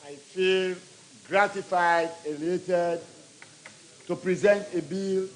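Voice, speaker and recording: Sierra Leonean man as committee chairman, high-pitched, measured formal delivery in a parliament chamber. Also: fairly even intonation, poor audio. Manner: formal, deliberate, read in short phrases. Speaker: legislative committee chairman presenting a bill.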